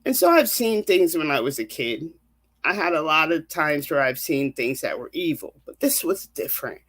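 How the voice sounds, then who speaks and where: A woman's voice: deep voice, big pitch swings, moderate pace, fairly bright tone. A woman counselor telling a personal faith testimony in an earnest, vivid storytelling manner. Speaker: counselor and guest.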